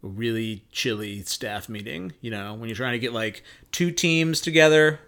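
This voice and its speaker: Brief: easygoing male co-host, casual banter, gravelly fry in the voice. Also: medium pitch, moderate pace, a bit bright. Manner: laid-back, musing, joking. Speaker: podcast co-host. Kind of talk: casual chat.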